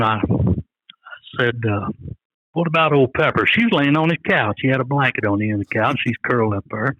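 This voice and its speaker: A man's voice: mid-range voice, no echo, muffled recording. Older man spinning folksy hunting yarns. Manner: folksy, rambling, quotes others often. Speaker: guest, coon hunter. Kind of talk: storytelling in an interview.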